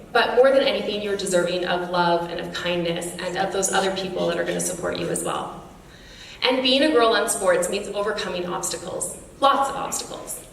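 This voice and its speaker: A woman's voice: mid-range voice, vocal fry, a little hiss or hum. Woman giving an earnest speech in an echoey hall. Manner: earnest, encouraging, addresses the audience directly. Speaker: guest speaker at a girls' sports awards. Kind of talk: motivational speech to an audience.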